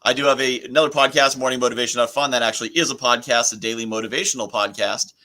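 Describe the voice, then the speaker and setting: A man's voice: mid-range voice, fairly even intonation, quick pace, sharp tone. A man with a Northeastern American accent, hosting a podcast over a video call in a joking, upbeat way. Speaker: podcast host.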